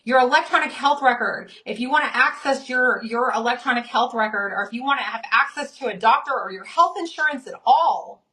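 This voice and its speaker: A woman speaks with a bright, forceful voice pitched a little high. She is openly fired up and angry. She hammers each point home in emphatic repeated lists, now and then reading a quote aloud. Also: brisk, few pauses, low-quality recording. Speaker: speaker on a Christian talk show. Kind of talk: impassioned commentary.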